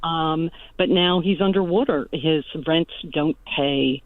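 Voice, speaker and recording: A woman's voice: low-pitched, slow, no echo. A middle-aged woman from Philadelphia calling in to a radio show, talking hesitantly with many fillers. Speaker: caller. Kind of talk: call-in radio question. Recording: tinny phone line.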